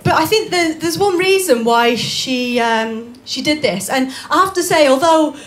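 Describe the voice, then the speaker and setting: A young woman performing stand-up at a small bar open mic. Her voice sits high, and she talks in a chatty, self-mocking way with quick asides and restarts. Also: lively intonation. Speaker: stand-up comedian. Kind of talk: live stand-up comedy. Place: small comedy bar stage.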